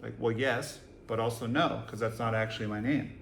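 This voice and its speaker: A man's voice: medium pitch, steady tone, fairly quick, vocal fry, fairly bright tone, slight background noise. A man from Boston, giving a Zen dharma talk to a live audience in a meditation hall, casual and joking, with many rhetorical questions. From Boston, USA. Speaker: Zen teacher. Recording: echoey room, faint ambience.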